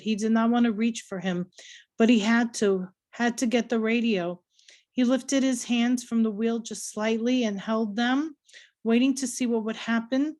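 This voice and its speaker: A woman's voice: a little high, darkish tone. Woman reading a novel aloud. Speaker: reader.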